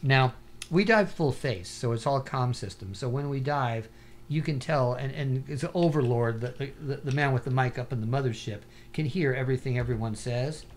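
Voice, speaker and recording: A man talking as an interview guest, a diver telling stories in an animated, rambling way with lots of "you know". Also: medium pitch, moderate pace, a little hiss or hum. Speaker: guest, scuba diver and paranormal investigator. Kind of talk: casual interview chat.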